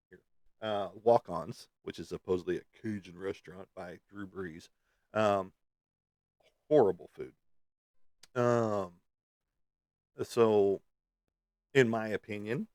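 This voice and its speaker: A man's voice: fairly low pitch, dry recording, studio quality. A middle-aged man from the United States chatting casually as a podcast host, rambling with many ums and uhs. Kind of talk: casual chat.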